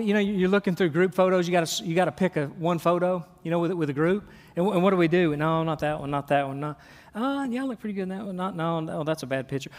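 A middle-aged pastor preaches with animation, acting out little everyday scenes. His voice sits high for a man and swings between soft asides and raised points. A long church-hall reverb trails each phrase. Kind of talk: sermon.

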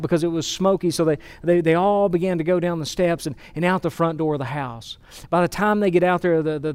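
A pastor preaching a sermon, telling stories earnestly with frequent repeated words. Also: male voice, sits high, darkish tone, no echo.

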